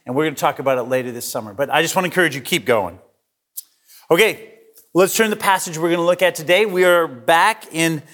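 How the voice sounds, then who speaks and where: Male pastor, sermon delivery, earnest and chatty, a touch higher-pitched than most men. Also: a bit bright. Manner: earnest, conversational with frequent fillers and restarts.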